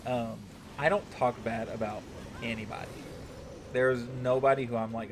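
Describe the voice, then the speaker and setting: A man's voice: mid-range voice, fairly even intonation, normal speed, a little hiss or hum. A man hosting a gaming livestream, chatting loosely with his viewers. He rambles, swears freely and keeps checking in with "right?". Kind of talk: casual chat with a live audience.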